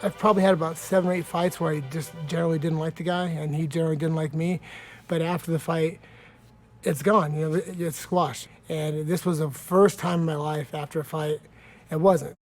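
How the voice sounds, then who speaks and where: A man's voice: fairly high pitch, steady tone, a little fast. Blunt, profane man telling a fight story. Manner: blunt, profane, laughing at himself. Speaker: fighter interviewed in a documentary. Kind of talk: candid interview storytelling. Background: background music.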